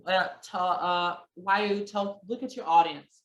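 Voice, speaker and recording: A woman teaching presentation skills in a workshop, lively and talking straight to her listeners while she acts out examples. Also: fairly low pitch, measured pace. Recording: echoey room.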